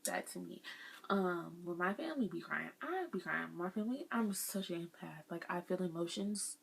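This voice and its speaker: A woman's voice: fairly low pitch, animated, normal speed, creaky, slightly rough. A young woman, talking through life lessons to her viewers in a casual, earnest vlog and calling them y'all. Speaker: vlogger sharing life lessons.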